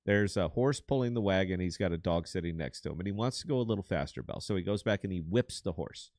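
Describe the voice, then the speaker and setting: A man's voice: low voice, animated, fast, a little mellow, no echo, clean studio sound. A man in his fifties co-hosting a casual live show, rambling and telling corny dad jokes. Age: 50s. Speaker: podcast co-host.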